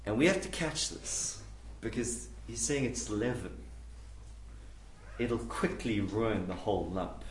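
A man preaching a camp sermon, swinging from hushed, pleading passages to loud, impassioned ones. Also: lowish voice, animated, takes it slowly, slight background noise. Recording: echoey room, mic at a distance.

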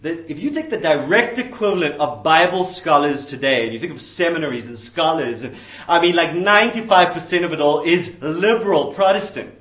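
A man preaching a sermon in an animated, jokey, conversational way, heard in a roomy hall from a distant mic. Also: a little high, brisk.

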